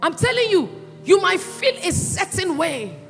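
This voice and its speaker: A woman pastor preaching a sermon with passion, swinging between loud cries and hushed asides. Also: very high-pitched, sing-song, unhurried. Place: church hall. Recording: echoey church hall, with faint music.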